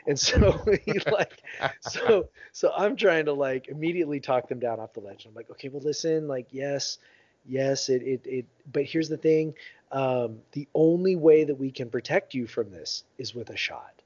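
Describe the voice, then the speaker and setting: A man's voice: mid-range voice, normal speed, a little mellow, husky, no room sound. A man co-hosting a podcast tells a rambling family story full of fillers and acted-out quotes. His voice sits in a middle range and jumps up when he mimics others. The audio is dry and a bit dull, like a home podcast setup. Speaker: podcast co-host. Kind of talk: casual storytelling chat.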